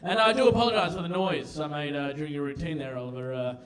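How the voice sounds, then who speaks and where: A man doing stand-up as the evening's compere, loud and theatrical. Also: fairly high pitch, fast. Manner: loud, excitable, theatrical outbursts. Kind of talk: stand-up comedy.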